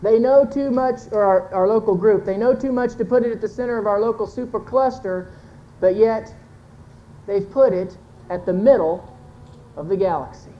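A woman's voice: mid-range voice, normal speed, highs cut off. A woman giving a folksy, earnest sermon-style talk to a church congregation, pointing to a chart and correcting herself as she goes. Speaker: church speaker teaching with a chart.

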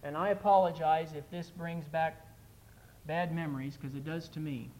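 Male preacher, sermon, earnest, emphatic, fairly high voice for a man. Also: fairly even intonation, moderate pace, darkish tone, a little hiss or hum, poor audio.

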